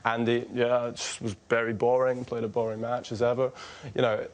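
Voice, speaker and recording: A man's voice: medium pitch, little pitch movement. A young adult man being interviewed as an impressionist, chatty and rambling in a casual way. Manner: chatty, rambling, quick to laugh. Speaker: impressionist guest.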